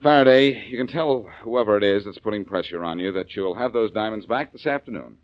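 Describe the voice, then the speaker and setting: An actor playing a wisecracking tough private detective, sardonic and quick-witted, in 1940s radio acting on a muffled old recording. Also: male voice, fairly low pitch, no room sound, lightly acted.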